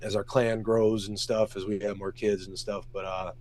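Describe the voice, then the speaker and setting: This young man, an MMA fighter, has a fairly low, slightly mellow voice with flat delivery at normal speed, and there's no echo. In a candid interview he opens up emotionally, swearing a lot and rambling through run-on stories.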